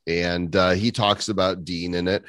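A man's voice: low voice, flat delivery, normal speed, fairly bright tone, no echo, clean studio sound. A man co-hosting a podcast, chatting casually with wry jokes and reading aloud with asides. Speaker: podcast co-host. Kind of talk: casual chat.

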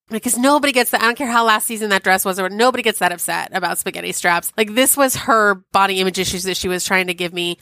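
A woman in her forties, a podcast guest, telling a personal story in a chatty, wry and animated way with many asides. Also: medium pitch, dry recording. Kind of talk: storytelling in an interview.

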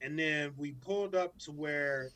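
High, bright-voiced man swearing freely. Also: unhurried, poor audio. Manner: profane, animated storytelling. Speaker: podcast co-host. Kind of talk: casual chat.

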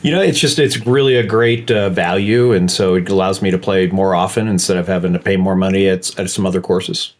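Lowish male participant on a video call, easygoing and hesitant. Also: a little fast, hardly any pauses. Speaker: trainee in a role-play.

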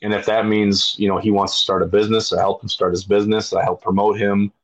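A man's voice: lowish voice, level tone, fast. A man in his thirties, a veteran guest telling his story in a blunt, profane, casual way, with lots of fillers. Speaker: podcast guest, military veteran. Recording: dull lo-fi audio.

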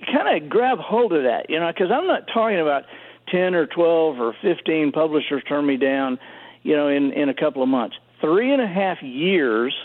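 A middle-aged man from Alabama, an author telling stories in an interview, animated and full of restarts. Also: fairly high pitch, moderate pace. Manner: animated storyteller with many restarts. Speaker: author guest. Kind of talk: conversational storytelling interview. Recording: tinny phone-like line.

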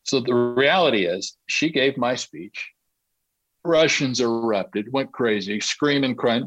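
A man, a podcast guest, telling a long anecdote in a lively way and laughing through his own tale. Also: medium pitch, slow pace, no echo, poor audio. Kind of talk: anecdotal storytelling.

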